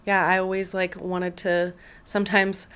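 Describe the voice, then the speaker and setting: A woman's voice: on the low side, completely flat delivery, unhurried, a bit bright, clear, resonant tone. A woman hosting a podcast interview, encouraging her guest with frequent short affirmations. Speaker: podcast host. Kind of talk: interview conversation.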